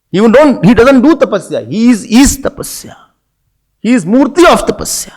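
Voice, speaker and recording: A man's voice: very high voice, moderate pace. A man with an Indian English accent giving a spiritual sermon, telling stories and voicing the figures in them. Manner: animated storytelling, voicing figures in dialogue. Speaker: spiritual teacher.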